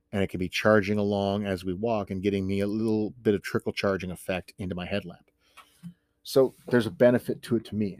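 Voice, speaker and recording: Podcast host, male, lowish voice, dry close sound, rambling and self-mocking. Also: darkish tone, no echo. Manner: chatty, ranting, self-deprecating. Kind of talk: casual solo podcast talk.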